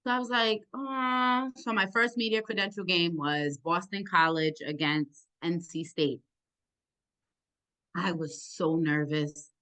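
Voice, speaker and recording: A young woman sports podcaster with a deep, thick accent, answering interview questions eagerly and gratefully. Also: slow pace. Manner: eager, animated and grateful, speeds up in bursts.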